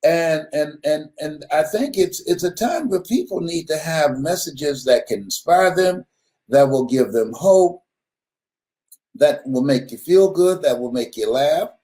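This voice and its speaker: A man's voice: on the high side, lively intonation, unhurried, dark tone. A man giving a motivational sermon. He laughs often and repeats his words for emphasis. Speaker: motivational speaker.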